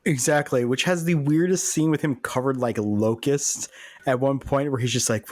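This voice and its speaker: Man, 40s, co-host, halting and word-searching, mid pitch, dry close mic. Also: dry recording. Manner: hesitant, searching for words. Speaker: podcast co-host. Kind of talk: casual chat.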